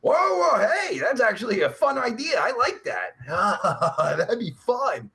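A man's voice: high voice, very animated, slow pace, sharp tone. A young man hosting a live stream, reading out chat and answering in a rambling, profane, sarcastic way with groans and sighs.

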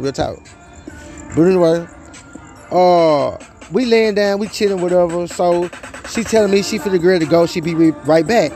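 A young man with a high voice tells a long story in loose, casual talk, full of cursing and stalls. He keeps circling back with "you know what I'm saying." Faint music plays low behind him. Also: vocal fry, darkish tone. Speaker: father telling his side of a custody dispute.

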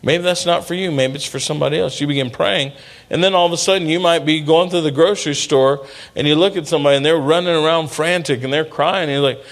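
A man preaching a sermon in a relaxed, talky way, voice pitched a bit above most men's. He keeps calling out to the congregation for a response and acts out the people in his stories. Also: quick pace. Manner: conversational preaching with call-and-response asides. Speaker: pastor.

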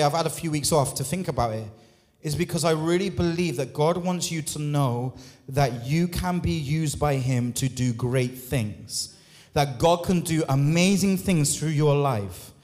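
A man preaching a sermon as lead pastor, impassioned, his voice surging up and dropping into quick asides. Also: on the high side. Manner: impassioned, swings between loud rises and quick quiet asides. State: out of breath. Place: church hall. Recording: long hall reverb.

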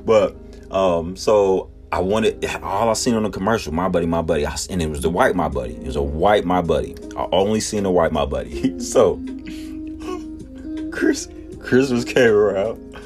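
A man in his thirties with a very low voice tells childhood stories on his podcast in a loose, casual way. He laughs often and jumps into high voices when quoting people. Faint music plays underneath. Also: normal speed. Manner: laughs often, animated storytelling, acts out quotes in high voices. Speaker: podcast host. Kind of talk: casual storytelling.

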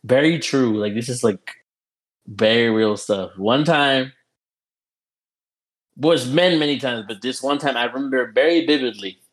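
A man telling profane, animated stories in a casual podcast chat. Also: mid-range voice, a little slow, long pauses.

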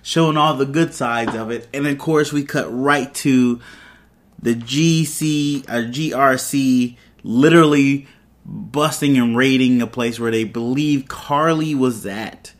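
A man's voice: medium pitch, a little slow. A man hosting a podcast, retelling a TV episode in a loose, chatty way with side comments. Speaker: podcast host. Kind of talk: casual episode recap.

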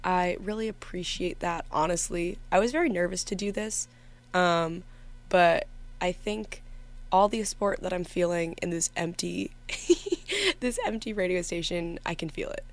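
A young woman hosts a college radio program from a studio, talking in a casual, rambling way that is punctuated by giggles and quick self-corrections. Her voice sits on the lower side for a woman. At moments her delivery turns a little monotone. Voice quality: somewhat monotone at times. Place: empty radio station studio.

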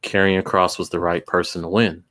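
Very deep-voiced man chatting casually. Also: flat delivery, normal speed, a bit bright. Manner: thoughtful, hedging with fillers. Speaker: podcast co-host. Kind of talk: casual chat about wrestling.

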